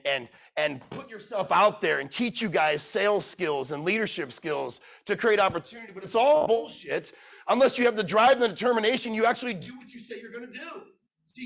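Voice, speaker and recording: A keynote speaker gives a motivational talk to a live audience in a high, creaky voice. He's blunt and swears freely, quizzes the crowd, and moves between loud urging and quiet, emotional storytelling.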